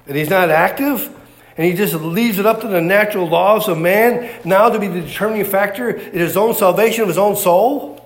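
Man, preacher, sermon, emphatic, repeats lines, rhetorical questions, somewhat high voice. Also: a little fast.

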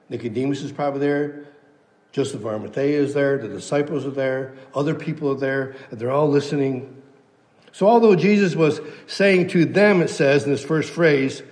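A man delivers a verse-by-verse sermon in an emphatic, teacherly way, leaning on repeated phrases to drive points home. His voice sits a little on the high side. The sound carries a long reverb, like a large hall. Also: darkish tone. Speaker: pastor. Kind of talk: expository sermon.

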